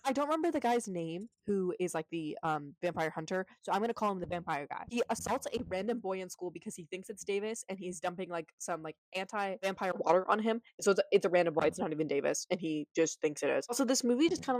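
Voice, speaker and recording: A woman's voice: fairly low pitch, no room sound, rough recording. A woman recapping a movie in a casual, chatty way, sarcastic and full of fillers. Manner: chatty, sarcastic, heavy use of "like".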